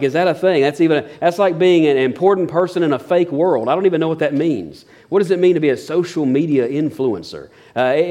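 This middle-aged preacher speaks with earnest conviction, his medium-pitched voice carrying a darkish tone. Restarting his thoughts, he tends to say a word twice.

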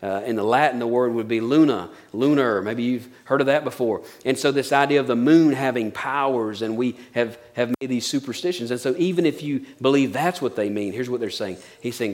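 A middle-aged pastor delivers a sermon at a middle pitch. He preaches emphatically, repeating his phrases, then drops into soft, intimate tones. His delivery is folksy and conversational. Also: brisk, few pauses.

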